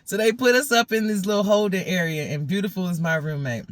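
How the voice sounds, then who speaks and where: A woman telling a personal story in a casual, animated way, laughing often and repeating phrases. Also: mid-range voice, fast.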